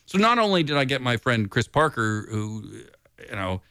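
A man's voice: mid-range voice, big pitch swings, moderate pace, bright, forceful tone, clear, resonant tone, no room sound. Rambling laid-back man, very dry sound. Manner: rambling and laid-back, heavy on "you know" and "dude". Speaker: blues musician guest. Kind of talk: casual interview chat.

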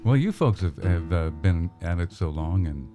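A man's voice: low-pitched, animated, normal speed, over music. A man hosting a casual radio interview, folksy and rambling, with plenty of fillers and restarts. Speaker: radio host.

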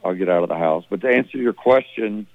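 Male musician on a tinny phone line, low voice, rambling storyteller. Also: fast talker, no room sound. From Mississippi. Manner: rambling, relaxed, with many restarts. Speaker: musician guest. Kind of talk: phone interview, casual storytelling.

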